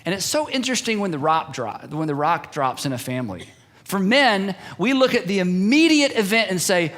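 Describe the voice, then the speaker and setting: Male pastor, higher-pitched voice, emphatic sermon delivery with repeated phrases. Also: very animated, moderate pace, fairly bright tone. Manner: repetitive, emphatic preaching with acted-out quotes.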